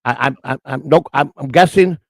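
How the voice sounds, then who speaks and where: An older man on a morning show rambles through stories in relaxed chat, with frequent restarts and quotes he acts out. He speaks at medium pitch, a little fast, and the recording is dry.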